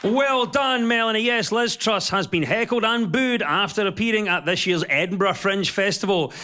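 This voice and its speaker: A man hosting a comedy news quiz, reading headlines briskly and landing punchlines. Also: sits high, bright, forceful tone, some chatter behind. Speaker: quiz show host. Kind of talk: scripted comic quiz hosting.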